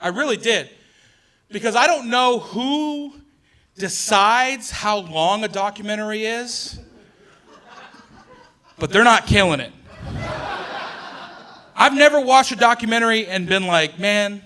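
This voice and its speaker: A male stand-up comedian with a high, bright voice. He talks chattily on stage and corrects himself mid-sentence. He often laughs through his lines. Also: lively intonation, measured pace, pauses often. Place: comedy stage before an audience.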